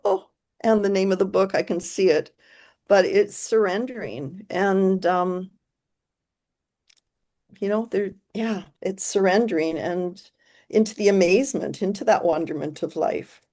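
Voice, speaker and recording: A woman's voice: medium pitch, measured pace. Reflective woman on a video call. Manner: soft-spoken, reflective, trailing off and restarting. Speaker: guest presenter. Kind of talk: casual video call chat.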